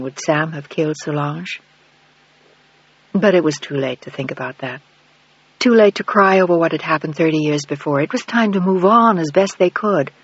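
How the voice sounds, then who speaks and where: A man reads an audiobook in an even, measured way, with a high, husky voice. The recording sounds dull and lo-fi and is completely dry. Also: no room sound. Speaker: audiobook narrator. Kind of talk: scripted narration.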